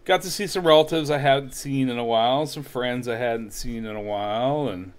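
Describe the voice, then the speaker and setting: A middle-aged man co-hosting a live show, chatting casually and telling stories in a relaxed, meandering way. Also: mid-range voice, moderate pace. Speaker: co-host of a live online show. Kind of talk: casual chat.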